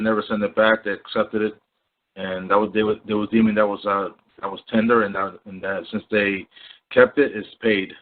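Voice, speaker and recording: Male phone-in caller: faltering and tentative, lower pitch, heard over a thin phone line. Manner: hesitant, halting. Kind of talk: phone-in conversation. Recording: phone-like narrow sound.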